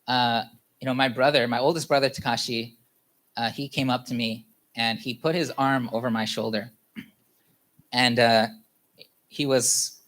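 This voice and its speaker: A male pastor telling a personal story in his sermon, candid, full of fillers and quick laughs. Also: medium pitch, a bit bright.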